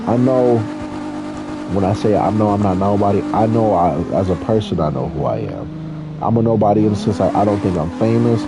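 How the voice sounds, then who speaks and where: A man's voice: on the low side, animated, a little fast, noisy background. A man from California, a drift driver, telling rambling, profane stories in casual chat while gaming.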